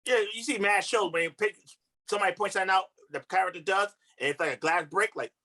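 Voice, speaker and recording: Bright-voiced male coach giving earnest advice. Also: high voice, quick pace. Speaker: relationship coach guest. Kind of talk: casual podcast chat.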